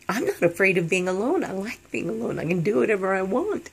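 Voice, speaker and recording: A middle-aged woman talking candidly and earnestly to her viewers, sometimes dropping into a soft whisper. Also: mid-range voice, big pitch swings, brisk, creaky, hardly any pauses, husky. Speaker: Christian counseling vlogger. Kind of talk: candid personal talk to viewers.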